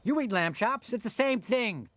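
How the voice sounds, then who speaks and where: A beaten-down werewolf dad. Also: male voice, extremely high pitch, animated, normal speed, a bit bright, dry recording. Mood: weary, impatient. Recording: film clip under music.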